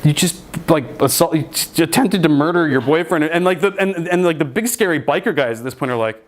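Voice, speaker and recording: A young man telling a comedic story in an animated way, laughing and leaping high in pitch when he quotes himself. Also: brisk. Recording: noisy background.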